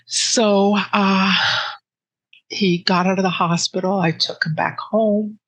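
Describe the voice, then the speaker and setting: A woman telling her personal grief story in an interview, with earnest, halting speech full of restarts that sits close to tears. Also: mid-range voice, steady tone, no room sound, low-quality recording. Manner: soft and emotional, close to tears.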